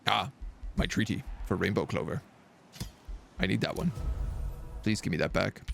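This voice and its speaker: Here the man's voice sits lowish and creaky yet fairly bright, very animated at a normal speed, with a little hiss or hum in the recording. He chats casually while streaming a strategy game by a window at home, rambling playfully between moves.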